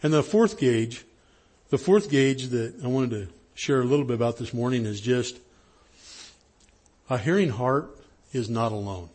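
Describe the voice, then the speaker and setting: A husky-voiced middle-aged man preaching from the pulpit, easygoing and conversational as he tells a story. His voice sits at an ordinary pitch, with a slightly breathy edge. He jumps higher when he acts out what people said. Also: expressive, unhurried, pauses often, darkish tone. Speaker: pastor. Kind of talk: sermon with a personal story.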